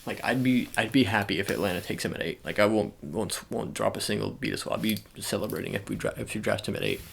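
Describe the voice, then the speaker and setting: A young male ASMR channel host talks sports in a low, soft voice that's gravelly with fry, rambling fast through casual chat full of fillers and restarts. Faint clicking sits beneath him, along with slight background noise.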